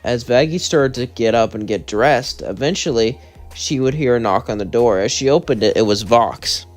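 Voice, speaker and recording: A man's voice: medium pitch, moderate pace, soft background music. A man narrating a fan-fiction story in a casual, run-on storytelling way.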